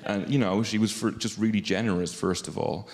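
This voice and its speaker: Quick-stumbling man, long reverb. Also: fairly low pitch, fairly even intonation, gravelly, a little mellow. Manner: rapid, stumbling delivery. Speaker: actor on a press panel. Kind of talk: press conference answers.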